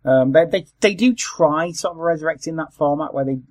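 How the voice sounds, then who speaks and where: A man hosting a podcast, chatting casually about old adverts, sardonic and prone to swearing, with quiet mumbled asides. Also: fairly high pitch, a little fast, no room sound. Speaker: podcast host. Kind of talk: casual chat.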